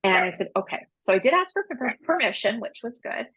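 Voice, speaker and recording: A woman's voice: fairly high pitch, very animated, fairly quick, a bit bright, husky, no room sound, low-quality recording. A woman guest telling a story in a casual interview, chatty and slangy, acting out the dialogue. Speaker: podcast guest, psychic medium.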